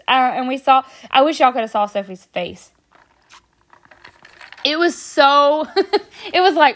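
A woman's voice: high-pitched, animated, normal speed, long pauses, fairly bright tone. Chatty woman telling stories. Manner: rambling, chatty, many fillers and restarts. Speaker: podcast host. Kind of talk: casual storytelling.

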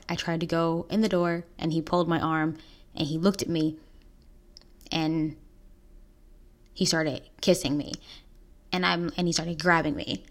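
Young female podcast host, low voice, earnest halting personal storytelling. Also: fairly even intonation. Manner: earnest, halting, pauses and restarts.

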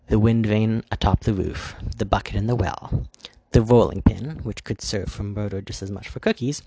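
A man with a low, slightly husky voice reads a fairy tale aloud. His delivery is measured and gently expressive, and the sound is close and dry, with no room around it. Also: no room sound. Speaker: reader. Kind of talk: storybook narration with character voices.

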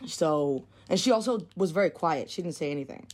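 With a deep, expressive, slightly mellow voice and a somewhat fast delivery, a young New York guest tells a story. She speaks bluntly and casually, cursing freely and leaning heavily on "like."

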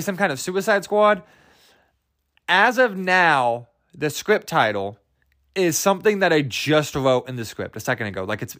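A man's voice: on the high side, a bit bright, no echo, clean studio sound. A young man hosting a solo podcast, rambling in a goofy, self-amused way and laughing at his own jokes. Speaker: podcast host.

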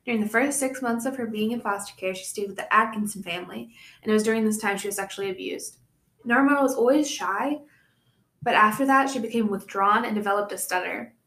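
This young woman co-hosts a podcast and reads a true-crime case aloud, adding chatty asides and laughs along the way. Her medium-pitched voice is a bit bright and fairly quick. The recording has an echoey room sound.

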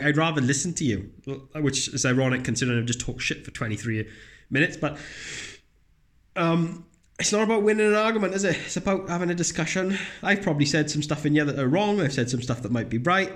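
A young man rattling through a solo podcast at a fast clip, with a fairly high voice for a man. He is blunt and swears freely, and every so often slips into mocking put-on voices. The talk is loose and casual. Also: fairly bright tone. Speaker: podcast host.

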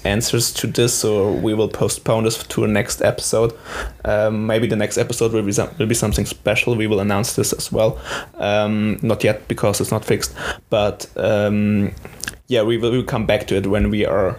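Halting, lower-voiced male podcast co-host. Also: level tone. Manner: halting, repeats words when starting. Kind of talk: casual podcast chat.

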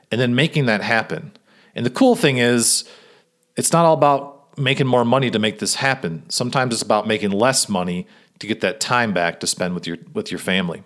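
A man's voice: on the low side, a bit bright. A middle-aged man hosting a podcast, talking in a friendly, conversational way. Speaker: podcast host. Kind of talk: casual podcast monologue.

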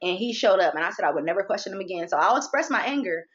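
An animated woman talks candidly about her faith, acting out the voices in her head. Her pitch sits in an ordinary middle range. The recording sounds a little dull and muffled. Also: rapid-fire. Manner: animated, expressive, acts out inner dialogue. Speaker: guest, merch business owner.

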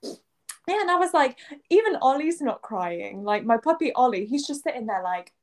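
A woman's voice: sits high, normal speed. A woman from England with an English accent, co-hosting a podcast and telling stories in casual chat, acting out quotes and sound effects. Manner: animated storyteller, acts out quotes and sound effects. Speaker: podcast co-host.

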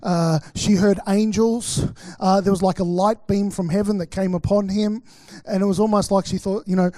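High-voiced Australian pastor telling stories. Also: male voice, steady tone, fairly quick, mellow, no echo. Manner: chatty storytelling, acts out quotes, many fillers. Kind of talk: sermon with personal stories.

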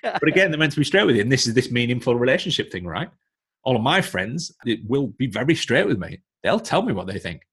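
A man with a Northern English accent speaks in a lowish, fairly bright voice with a breathy edge. He's from Northern England and appears as a guest coaching business mentor in a casual podcast chat, bluntly lecturing with examples.

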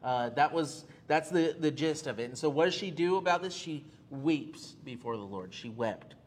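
A man's voice: a little high, expressive, moderate pace, slight background noise. A male pastor preaching a sermon, earnest and repeating key phrases for emphasis, with frequent "uh" fillers.

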